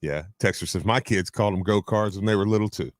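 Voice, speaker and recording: A man's voice: on the low side, fast talker, dry recording. A man co-hosting a sports radio show, telling a story with lots of laughter. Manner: animated storyteller, laughs often. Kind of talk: casual sports radio chat.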